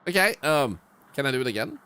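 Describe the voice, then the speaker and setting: A man's voice: mid-range voice, very animated, fast talker, heavy background noise. A man streaming a game, rambling and joking with sarcastic asides. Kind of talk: game commentary.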